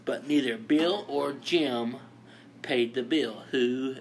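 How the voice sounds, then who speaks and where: A man's voice: medium pitch, slow, a little hiss or hum. A man co-hosting a casual comedy podcast, posing riddles and laughing often. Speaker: podcast co-host.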